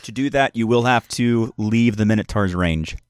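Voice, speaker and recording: Man, game master, low voice, dry close sound, relaxed narration, lots of fillers. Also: normal speed, clean tone, no room sound.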